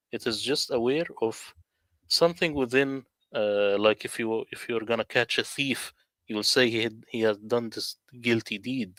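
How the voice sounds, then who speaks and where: Uomo dal tono misurato, spiega con calma. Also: male voice, medium pitch, no echo. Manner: measured and explanatory. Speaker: guest, translator. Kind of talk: explaining his work in an interview.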